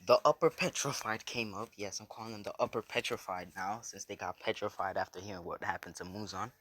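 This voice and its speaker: Male fan storyteller: offhand, rambling, slightly low pitch. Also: fairly quick, fairly bright tone. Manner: rambling, loose, swears, lots of "so yeah". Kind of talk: casual fan story narration.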